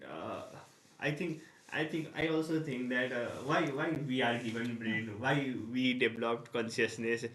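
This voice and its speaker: Slow, hesitant young man. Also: medium pitch, fairly bright tone, a little hiss or hum. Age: young adult. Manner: slow, hesitant, many fillers. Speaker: podcast co-host. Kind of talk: casual chat.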